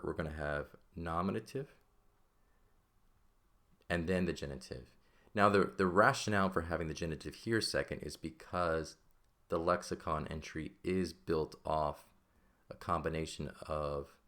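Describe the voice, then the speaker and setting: In a classroom lecture on classical Greek grammar, a man walks through the material step by step, frequently asking "right?". His voice rumbles low, with a fairly bright tone.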